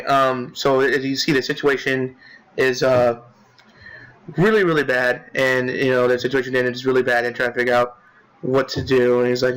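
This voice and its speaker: A man's voice: medium pitch, fairly bright tone, low-quality recording. Rambling young man commenting on a game. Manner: rambling, many fillers and restarts; indignant about a character. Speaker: let's play commentator.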